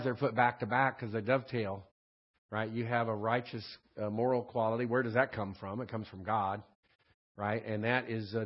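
A man teaching a recorded Bible study lesson in a conversational way. He often checks in with "right?" and keeps clearing his throat. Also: mid-range voice, lo-fi sound. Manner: frequent throat clearing and restarts.

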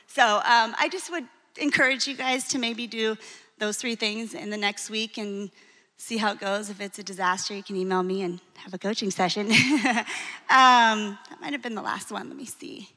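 Woman, forties, marriage coach, live talk, bright tone, lively, frank, encouraging, reverberant hall. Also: medium pitch, normal speed. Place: hall with an audience. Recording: long reverb of a large hall.

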